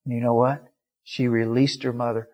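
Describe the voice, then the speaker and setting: A man preaching a sermon as a pastor, telling a story and swinging from loud climaxes to hushed, quiet lines. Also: medium pitch, little pitch movement, normal speed, highs cut off.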